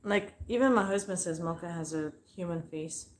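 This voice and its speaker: A woman's voice: lowish voice, normal speed. A young woman talks through a casual live reading in a chatty, playful way. She is blunt and swears freely between teasing asides. A faint hiss sits behind her voice. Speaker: live psychic reader.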